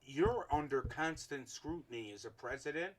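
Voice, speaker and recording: A man's voice: fairly high pitch, normal speed. Blunt, heated man ranting. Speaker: podcast co-host. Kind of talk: casual chat.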